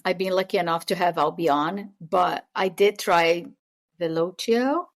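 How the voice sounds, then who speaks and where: A woman with a fairly low voice joins the chat as a co-host. She talks casually and loosely, pausing here and there as she finds her words.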